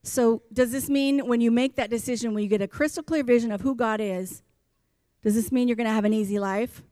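A woman's voice: a little high, steady tone, fairly quick, mellow, dry recording, clean studio sound. A woman pastor preaching a sermon in a church, impassioned and emphatic, driving her points home with repetition.

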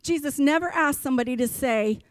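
A woman's voice: sits high, brisk, no echo, clean studio sound. A woman pastor preaching a sermon in a church, impassioned and emphatic, driving her points home with repetition.

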